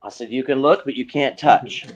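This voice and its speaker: A man telling a casual story in an animated way, acting out quotes and growling noises. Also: medium pitch, normal speed, breathy edge. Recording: dull lo-fi sound.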